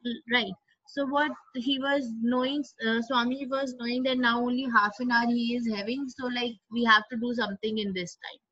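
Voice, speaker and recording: Woman, teacher, bright tone, dull lo-fi sound, explains words as she reads. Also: fairly high pitch, little pitch movement, moderate pace, no room sound. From India. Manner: rereads lines and glosses hard words. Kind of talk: reading a story aloud and explaining it.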